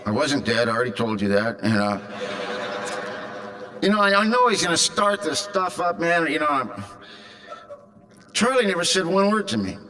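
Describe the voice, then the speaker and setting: A man's voice: a little high, very animated, moderate pace, pauses often, sharp tone. A man in his fifties from California, speaking to a convention crowd and telling a raw, darkly funny personal story. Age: 50s. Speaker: recovery meeting speaker.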